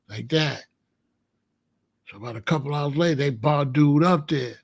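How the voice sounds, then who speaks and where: Animated profane male storyteller. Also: fairly high pitch, normal speed, gravelly, pauses often, breathy edge, no room sound. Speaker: channel host telling a prison story. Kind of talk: casual storytelling monologue.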